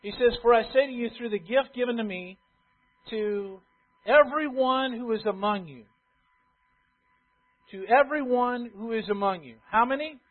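A pastor preaching a sermon to his congregation, who drops to quiet asides, then builds to loud emphatic repetitions and asks the room questions. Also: very high-pitched, moderate pace, long pauses. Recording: tinny phone-like sound.

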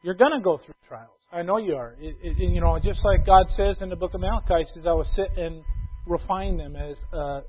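A man preaching an expository sermon as pastor, teaching verse by verse and building to loud, emphatic stress on key phrases. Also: high-pitched, fairly quick, breathy edge. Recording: tinny phone-like sound.

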